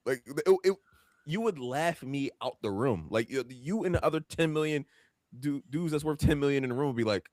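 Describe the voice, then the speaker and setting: A man's voice: medium pitch, expressive, moderate pace, darkish tone, no echo, clean studio sound. A man co-hosting a podcast in casual chat, rambling loosely with plenty of fillers. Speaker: podcast co-host.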